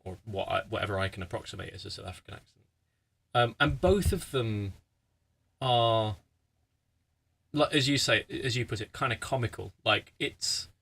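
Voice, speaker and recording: A man chatting on a podcast, his voice gravelly, husky and bright-edged. He talks reflectively, halting and restarting as he works through his thoughts. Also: on the low side. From United Kingdom. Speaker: podcast co-host. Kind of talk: casual chat.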